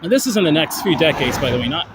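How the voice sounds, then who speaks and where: A man's voice: fairly high pitch, very animated, rapid-fire. Chatty man on a street walk stream. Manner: rambling, chatty, reads out viewer comments, laughs a lot. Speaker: livestream host. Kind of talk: casual walking livestream chat. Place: outdoors on a street walk in the evening. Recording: outdoor stream with loud traffic noise.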